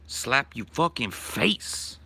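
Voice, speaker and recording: A man's voice: medium pitch, big pitch swings, slow pace, bright, forceful tone, husky, heavily acted. A man doing a swaggering street tough. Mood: menacing taunt. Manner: swaggering, profane, threatening. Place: backyard at night, outdoors.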